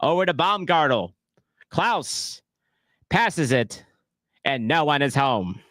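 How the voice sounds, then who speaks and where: A man's voice: on the high side, sing-song, fairly bright tone, dry recording, studio quality, exaggerated voice. A man putting on a late-1920s mobster voice to do soccer play-by-play. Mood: tough. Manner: tough, slowed mobster drawl on names. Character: male late-1920s gangster, tough talker.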